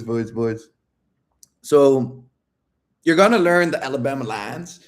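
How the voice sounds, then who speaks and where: A brash male dating coach talking in a loose livestream Q&A. He swears freely and breaks into laughter often. His voice sits in an ordinary male range. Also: medium pitch. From outside the United States. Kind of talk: casual livestream Q&A.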